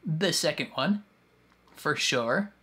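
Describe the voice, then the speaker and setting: This host keeps up lively, casual running reactions to a film while it plays, chatting and speculating about the story. The voice is mid-range, slow and slightly rough, and the soundtrack is faintly audible.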